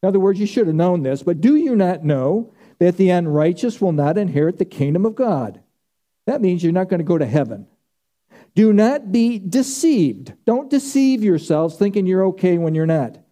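A man's voice: high voice, expressive, a little fast, dark tone. A man preaching a sermon, stressing key words by drawing them out and repeating phrases for emphasis. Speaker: pastor.

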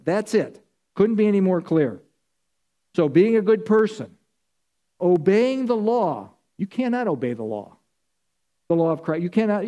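Emphatic male preacher with a mellow voice. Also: high-pitched. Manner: emphatic, repetitive, insistent; addresses listeners as folks. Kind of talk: sermon.

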